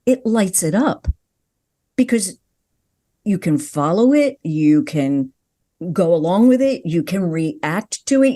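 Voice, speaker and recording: An older woman with a mellow, fairly low voice explains her craft as a podcast guest. She talks in an expressive, teacherly way, leaning hard on key words. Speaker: broadcast voice coach and guest. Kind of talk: conversational podcast interview.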